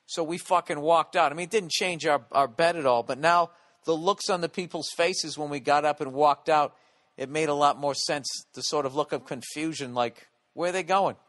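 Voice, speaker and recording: An American man telling a comedic story and ranting, loud and animated, swearing constantly and tossing in rhetorical "okay?" asides. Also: on the high side, normal speed. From United States. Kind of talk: profane comedic storytelling rant.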